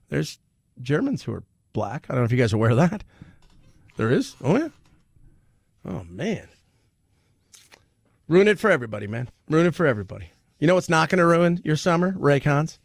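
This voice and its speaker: Male radio host, gravelly, slightly high, animated and joking, dry studio sound. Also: a little fast, dry recording. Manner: joking, animated, laughs often. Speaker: radio talk show host. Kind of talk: casual talk radio monologue.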